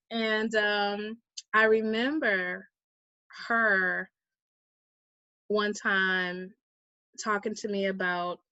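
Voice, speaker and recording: A woman guest recounts a personal story in a relaxed interview. She speaks in an animated way and slips into the voices of the people she quotes. The recording is dry and a little muffled. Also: medium pitch, very slow, pauses often, clear, resonant tone, no room sound. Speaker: guest, vegan activist.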